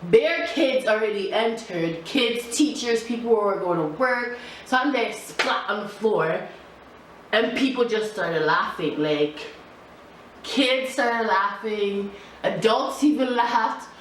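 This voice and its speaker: A young woman vlogger telling a casual storytime in an animated, chatty way, full of slang and laughter. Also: a little high, takes it slowly. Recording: echoey room, distant mic, faint hiss.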